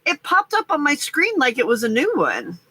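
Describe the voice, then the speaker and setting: A woman hosting a casual live crafting stream, chatty and quick to laugh as she reads out viewer comments. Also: high voice, huge pitch swings, pushed and bright, husky, poor audio.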